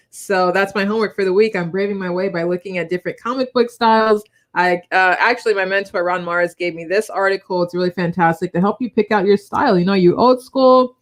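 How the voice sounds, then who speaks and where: A woman co-hosting a live online chat show, bubbly and chatty. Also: mid-range voice. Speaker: co-host.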